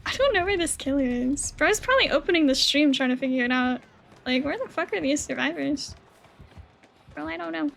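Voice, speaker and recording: High-voiced excitable woman streamer. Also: fairly quick, creaky, slight background noise. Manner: excitable, swears and squeals. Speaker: game streamer. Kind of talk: live gameplay chat with teammates.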